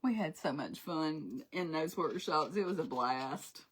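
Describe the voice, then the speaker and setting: A woman's voice: low voice, lively intonation, a little slow, slightly rough. A woman, chatting and telling stories while crafting live, laughing often. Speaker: craft livestream host. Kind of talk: casual chat while crafting.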